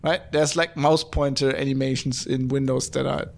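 A man's voice: mid-range voice, flat delivery, moderate pace, gravelly. A man hosting a podcast, ranting casually and swearing, with many fillers. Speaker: podcast host. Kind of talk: casual chat.

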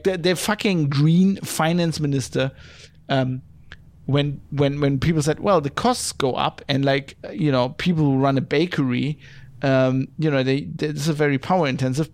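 A man's voice: a little high, darkish tone. A middle-aged man hosting a podcast, ranting in an exasperated, profane monologue. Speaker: podcast host.

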